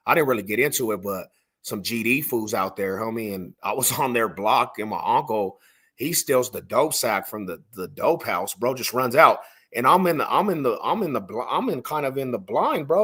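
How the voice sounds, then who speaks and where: A man's voice: mid-range voice, a bit bright, breathy edge. A man from Denver telling street stories in a casual podcast chat, slangy and rambling, full of "bro" and "homie". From Denver, Colorado.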